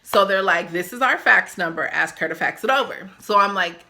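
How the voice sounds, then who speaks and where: A woman vlogger telling a storytime about a stay in jail, animated and acting out the voices of the people she quotes. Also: mid-range voice, moderate pace, hardly any pauses. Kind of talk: storytime vlog.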